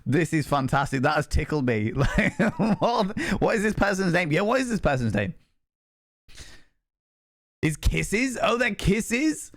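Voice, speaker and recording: A man's voice: a little high, big pitch swings, unhurried, dry recording, clean studio sound. A man live-streaming in casual chat, laughing often and swearing freely.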